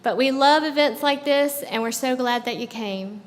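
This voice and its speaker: A woman from the American South giving a personal storytelling talk on stage at a live show. She keeps it conversational, checking in with the audience with quick tag questions. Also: high voice, in a large hall. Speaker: guest speaker. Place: live show at a club venue.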